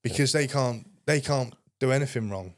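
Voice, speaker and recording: A man's voice: mid-range voice, normal speed, dry recording, clean studio sound. A young man, a podcast guest, telling rambling anecdotes in casual talk and swearing heavily. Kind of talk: casual storytelling.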